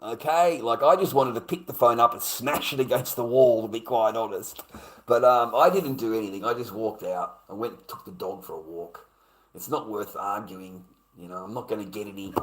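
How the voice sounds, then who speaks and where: A man's voice: lowish voice, normal speed. An Australian man livestreaming, ranting in a blunt, profane way and repeating his points. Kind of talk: casual live stream rant.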